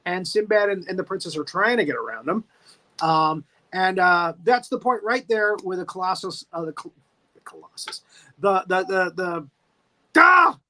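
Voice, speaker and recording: A man co-hosting a podcast, recapping a monster movie in a lively way, laughing often and acting out the scenes. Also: high voice, normal speed. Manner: animated, laughing, acts out scenes. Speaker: podcast co-host.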